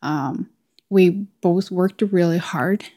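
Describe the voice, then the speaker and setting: A woman's voice: lowish voice, slow pace, mellow. A young adult woman hosting a podcast, telling a personal story casually and often stopping to restart her phrases. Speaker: podcast host.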